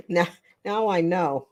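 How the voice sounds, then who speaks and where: A woman's voice: lowish voice, very animated, takes it slowly, darkish tone. An older woman hosting a casual livestream chat with viewers, chatty and rambling, often breaking into laughter. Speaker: livestream host.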